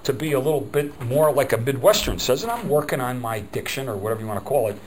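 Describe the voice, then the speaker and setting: Middle-aged Jersey-accented man, seminar trainer, rambling and anecdotal, mid-pitched, faint background noise. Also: expressive, fast. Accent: New Jersey. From New Jersey. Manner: chatty, digressive, acts out quoted customers. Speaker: business trainer. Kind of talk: informal seminar lecture.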